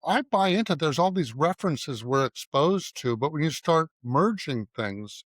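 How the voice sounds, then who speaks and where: A man's voice: fairly high pitch, lively intonation, a little slow, dry recording. A middle-aged man, an advertising writer, telling stories in a casual interview and acting out bits of dialogue. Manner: anecdotal, acts out dialogue in quotes. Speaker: guest, advertising writer and creative director.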